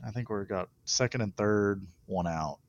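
Podcast guest, male, animated storyteller, dry close mic. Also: fairly low pitch, moderate pace, no echo, dull audio. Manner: animated storyteller, laughs often. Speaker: guest pitcher. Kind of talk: casual podcast chat.

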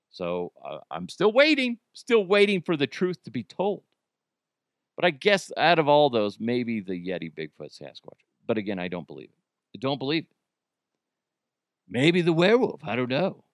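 A man's voice: fairly low pitch, clean tone, no echo, clean studio sound. A man in his thirties hosting a casual podcast, joking, swearing freely and laughing often. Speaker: podcast host.

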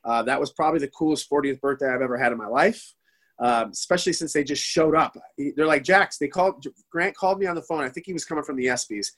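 Fast-talking husky man, excited storyteller. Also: a little high. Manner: excited, rambling with many restarts. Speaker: podcast guest. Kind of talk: casual storytelling.

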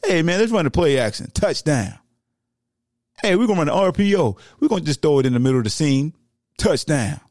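A man hosting a sports podcast launches into a heated, slangy rant. His voice sits a bit high and swings widely up and down as he gets worked up. The recording is close and dry, with no room echo. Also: brisk. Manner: animated, slangy, heated ranting. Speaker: podcast host.

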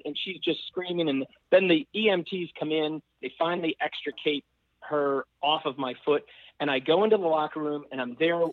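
Animated man telling a story over a thin line. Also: a little high, moderate pace, no room sound, phone-quality sound. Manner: animated storyteller who acts out voices. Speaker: former sports mascot performer. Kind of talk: storytelling in a panel chat.

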